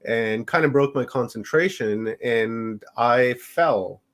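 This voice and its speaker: A middle-aged man from Canada, a podcast guest recounting his own experiences in a loose, unhurried way. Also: mid-range voice, noisy background. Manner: unhurried, rambling storytelling. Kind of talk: personal storytelling in an interview.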